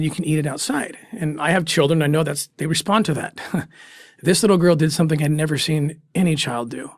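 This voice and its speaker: As an interview guest, an earnest middle-aged man tells an emotional first-person story in a slightly high voice. He pauses at times when emotion catches him, and the recording is close and dry.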